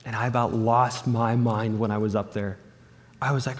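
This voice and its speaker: A man's voice: medium pitch, fairly even intonation, normal speed. A man preaching a sermon in an earnest storytelling voice, acting out both sides of a remembered conversation. His voice sits in the middle of the male range. A long reverb trails each phrase, as in a church hall. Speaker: pastor.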